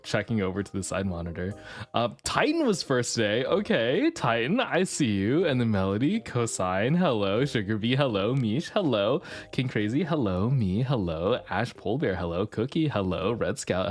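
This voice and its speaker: Lively, excitable young streamer greeting chat in a casual livestream, with a widely swinging voice. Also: mid-range voice. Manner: excitable, repeats phrases, talks to chat.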